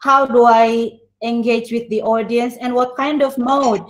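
A woman lecturer with an Indonesian accent teaches over a video call, her voice sitting a little high. She talks expressively and slips between English and Indonesian as she guides her students. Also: fairly even intonation, unhurried, low-quality recording. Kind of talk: online class teaching.

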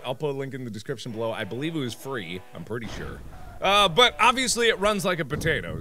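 Excitable guy yelling thru a game, goes way up and down, loud music in back. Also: medium pitch. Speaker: gaming YouTuber. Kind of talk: let's play commentary.

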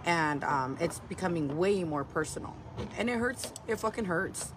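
On a livestream with vehicle noise behind her, a woman with a lowish, expressive voice talks at normal speed. She rambles through her story, packing it with filler words and swearing.

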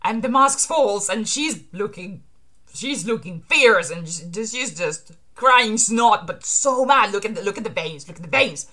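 A woman making a reaction video, reading comic pages aloud in an excitable, gushing way, mixing laughter with whispered pleading. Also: medium pitch, unhurried. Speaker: manga reaction vlogger.

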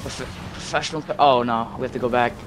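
A woman chats in a laid-back way with short replies while playing as a teammate. Her voice sits very low for a woman, and it comes through a noisy voice chat line. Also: fairly even intonation, fairly quick. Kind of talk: casual gaming chat.

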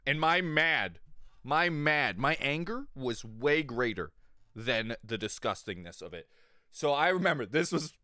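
A man's voice: medium pitch, expressive, measured pace, pushed and bright, no room sound, clean studio sound. A man streaming live, chatting casually with viewers in a crude, rambling way and often laughing. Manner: talks to chat viewers. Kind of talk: casual livestream chat.

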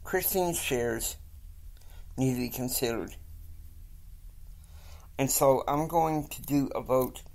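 A man voicing a stern, caring wealthy mother who calmly lays down the law. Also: medium pitch, takes it slowly, creaky, long pauses. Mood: firm. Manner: calm, firm counsel.

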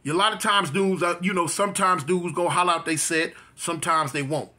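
A man with a fairly high, bright and forceful voice recounts his own past in a loose, conversational way. He circles back on phrases and brings the story to life with his own sound effects. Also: a little fast. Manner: vivid storyteller who repeats phrases and mimics gunshots. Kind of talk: personal life story, casual telling.

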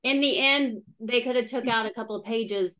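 A woman's voice: on the high side, moderate pace, fairly bright tone, rough recording. Chatty woman author on a podcast. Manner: chatty, laughs often, quotes herself. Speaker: guest author. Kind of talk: casual podcast chat.

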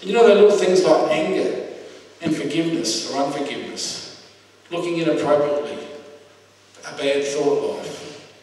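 A man preaching a sermon in a relaxed, conversational way, repeating his phrases and pausing on fillers. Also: fairly high pitch. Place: church hall. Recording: echoey hall, voice from a distance.

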